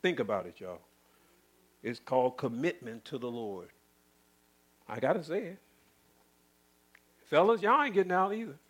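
A male preacher delivering a sermon, firing rhetorical questions at the congregation, chuckling and swinging between loud and hushed. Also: mid-range voice, expressive, normal speed, pauses often, slightly rough.

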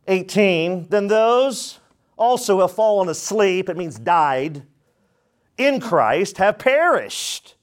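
A man's voice: high-pitched, sing-song, slow. A man preaching a sermon as pastor, with emphatic repetition and questions put to the congregation.

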